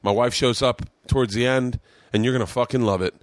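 A man's voice: medium pitch, steady tone, fairly quick, no echo. A man hosting his podcast, telling a long story in a loose, profane, rambling way. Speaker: podcast host. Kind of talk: casual storytelling chat.

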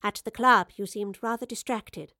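Soft-spoken kind lady professor, consoling tone, read by a woman, dry close mic. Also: mid-range voice, normal speed, no echo. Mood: gentle. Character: kindly sympathetic woman professor.

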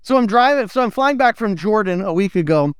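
A man, preaching a sermon in an animated, playful storytelling way. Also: sits high, fairly quick, clear, resonant tone, no echo, studio quality. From United States. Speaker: pastor.

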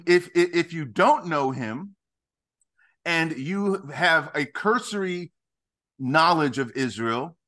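This podcast guest is a middle-aged man who founded a ministry. His voice is high, and his storytelling comes across as animated, emphatic, and sermon-like.

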